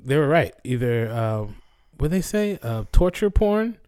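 Young dude cohosting a podcast, wisecracking, voice bouncing all over, super dry mic. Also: male voice, medium pitch, very animated, unhurried, darkish tone, clear, resonant tone, dry recording. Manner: wisecracking, riffs on jokes, laughs. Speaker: podcast co-host. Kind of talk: casual chat.

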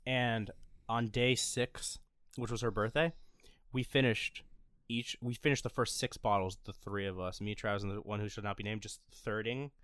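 A man's voice: lowish voice, steady tone, a bit bright, smooth, no echo, clean studio sound. A man in his twenties in casual chat, blunt and teasing, with casual swearing. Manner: fast, blunt, profane, teasing.

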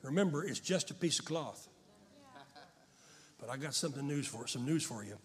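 An older man preaching a fervent sermon to a congregation, often rising to shouts. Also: mid-range voice, expressive, moderate pace. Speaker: pastor.

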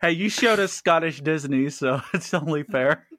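A man's voice: a little high, moderate pace, fairly bright tone, no echo. A man co-hosting a casual gaming podcast who laughs often, swears, and tells stories with energy. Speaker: podcast co-host.

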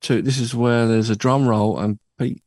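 A man's voice: mid-range voice, fairly even intonation, moderate pace, darkish tone, no echo. A man hosting a radio show from a studio, bantering casually and joking with his co-host, rambling a little with filler words. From United Kingdom. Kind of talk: casual banter between co-hosts.

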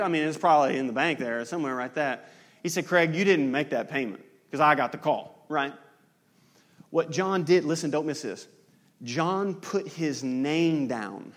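A male pastor delivering a sermon in a slightly high voice. He tells stories with acted-out dialogue, then drives his points home with loud, impassioned bursts. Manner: impassioned preaching, building to loud climaxes.

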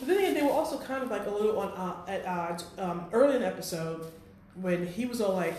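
A sarcastic woman in casual chat, mimicking the characters as she recaps a show. Her pitch swoops up and down, and a heavy echo rings around her. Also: a little fast, slight background noise. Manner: animated, sarcastic, quotes characters mockingly. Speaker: podcast co-host recapping a TV episode. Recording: very echoey room.

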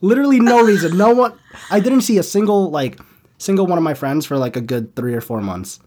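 A woman's voice: fairly low pitch, lively intonation, fairly quick, a little mellow, a little hiss or hum. A woman speaking as a podcast guest in casual chat, laid-back and swearing now and then.

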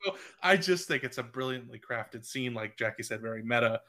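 A man's voice: medium pitch, animated, sharp tone. A man co-hosting a casual movie-review podcast, talking through a scene with enthusiasm and laughing often. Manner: enthusiastic, quick to laugh, thinks aloud. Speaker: podcast co-host.

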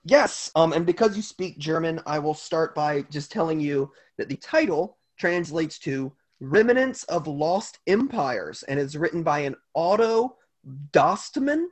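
Rambling male game master, slightly high. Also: lively intonation, unhurried. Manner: loose, filler-heavy narration. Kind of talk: narrating a tabletop game.

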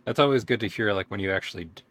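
A man's voice: lowish voice, rapid-fire, a bit bright. A man co-hosting a podcast, chatting loosely and correcting himself as he goes. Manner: loose and conversational, corrects himself mid-sentence. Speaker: podcast co-host. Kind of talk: casual podcast chat.

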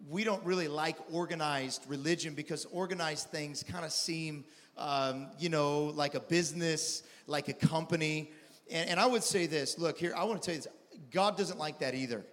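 A man in his forties preaching a sermon as pastor, stammering and restarting often, swinging from quiet talk to loud shouted preaching. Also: a little high. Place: church sanctuary. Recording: long reverb of a large hall.

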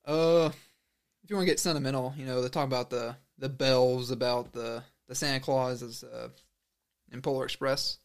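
A man with a mid-pitched voice talks casually as co-host. He rambles, trails off and restarts his sentences as he thinks aloud. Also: fairly even intonation, moderate pace, clean tone, no echo. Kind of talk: casual chat.

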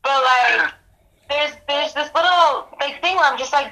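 A woman on a podcast, telling an animated story in casual sports chat with plenty of swearing. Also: sits high, measured pace, rough recording. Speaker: podcast co-host.

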